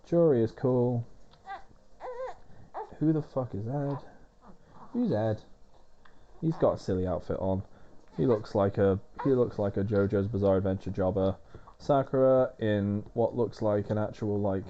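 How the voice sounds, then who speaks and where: A man's voice: lowish voice, measured pace, pauses often, mellow, muffled recording. A man giving rambling, wry, off-the-cuff game commentary while he soothes a baby. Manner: rambling, wry and chatty, swearing now and then. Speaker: gaming video host.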